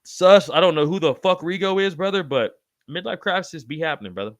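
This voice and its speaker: Hosting a live podcast stream, a man excitedly riffs on chat messages, cursing a lot and addressing everyone as brother. He talks fairly quickly in a fairly high pitch, with no room sound.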